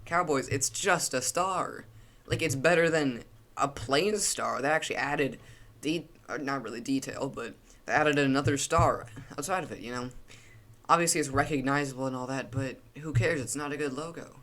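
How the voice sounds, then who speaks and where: A man's voice: mid-range voice, moderate pace, fairly bright tone. A young man giving a casual, opinionated commentary while ranking logos, rambling with frequent restarts and fillers.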